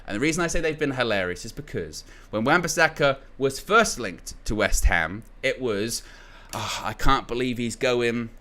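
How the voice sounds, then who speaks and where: A man's voice: lowish voice, pushed and bright. A young man hosting a football channel, giving casual opinion commentary in a rambling way, restarting phrases often and leaning on filler words.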